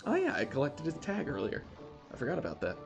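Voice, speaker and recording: A man's voice: a little high, wildly swooping pitch, quick pace, vocal fry, music in the background. A man streaming a video game, chatting casually and swearing now and then. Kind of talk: casual gameplay commentary.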